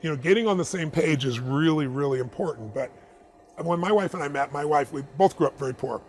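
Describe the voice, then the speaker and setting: A middle-aged man telling stories in an interview, animated and acting out the people he quotes. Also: a little fast. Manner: animated, acts out quoted people in high voices. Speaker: guest. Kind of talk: storytelling in a conversation.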